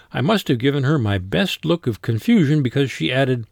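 Male narrator, first-person audiobook, even dry read, some vocal fry, booth-dry sound. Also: mid-range voice, moderate pace, hardly any pauses, no room sound.

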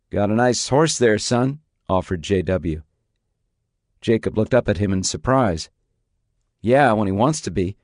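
A man narrating an audiobook in a measured, even reading voice. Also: on the low side, no echo, studio quality.

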